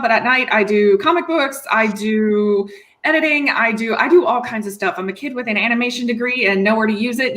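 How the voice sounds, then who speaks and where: A chatty, giggly woman speaks as a panelist over a video call. Her voice sits a little high and comes across bright and tense. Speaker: panelist, freelance artist.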